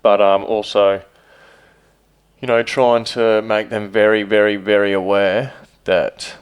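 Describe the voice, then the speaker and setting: A man's voice: on the low side, little pitch movement, slow, clean tone. A man in casual podcast chat, laid-back, with many fillers and casual swearing. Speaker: podcast co-host, stepdad.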